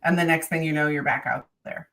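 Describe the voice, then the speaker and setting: A woman telling race stories in casual podcast chat, upbeat and chatty. Her voice is lowish but bright and sharp. She sits a little back from the mic. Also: fairly even intonation, a little fast, soft background music. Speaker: podcast co-host. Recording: voice a bit far from the mic.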